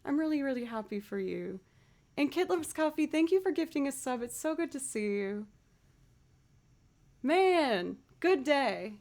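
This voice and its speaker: A woman's voice: high voice, expressive, normal speed, long pauses, a little mellow. A woman musician chatting casually on her livestream, bubbly as she thanks viewers one by one.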